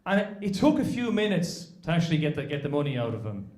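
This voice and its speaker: Irish guy doing standup, cursing a lot, highish voice, echoey room. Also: very animated, quick pace, a little mellow. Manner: swearing, self-deprecating anecdotes. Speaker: stand-up comedian. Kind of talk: stand-up storytelling.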